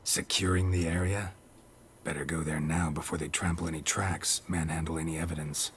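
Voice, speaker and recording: An actor playing a gruff, terse middle-aged monster hunter in a video game. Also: male voice, a bass voice, little pitch movement, a little fast. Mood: curt. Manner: terse, dry. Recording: game audio with faint noise.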